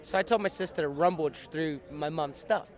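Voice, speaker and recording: A young man with a fairly high voice tells stories in a lively, joking way during a casual convention interview. The sound is dull and lo-fi, recorded outdoors at a busy event. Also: fairly quick. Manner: animated, playful, chatty storyteller. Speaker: actor guest.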